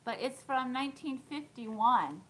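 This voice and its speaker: A woman's voice: sits high, lively intonation, unhurried, sharp tone, low-quality recording. A woman in her thirties chatting casually on a live stream, giggling often and answering viewer comments. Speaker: thrift vlogger.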